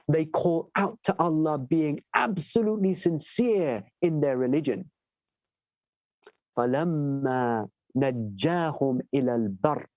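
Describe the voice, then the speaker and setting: A man giving a sermon, telling stories with animated delivery and asking listeners "right?" as he goes. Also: mid-range voice, no echo, low-quality recording. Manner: animated storyteller, acts out voices in tales. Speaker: shaykh giving a majlis lecture. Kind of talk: sermon with storytelling.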